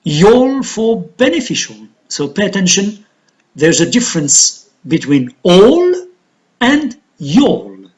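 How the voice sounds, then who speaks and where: Man, English teacher, high voice, slow and deliberate, counts syllables aloud. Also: sing-song. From Algeria. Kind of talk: classroom lesson on word stress.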